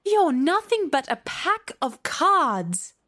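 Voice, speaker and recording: A woman's voice: high-pitched, expressive, a little slow, pitched above the performer's own voice. A woman doing a bold, indignant young girl. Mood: defiant. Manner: indignant, speaks out loudly.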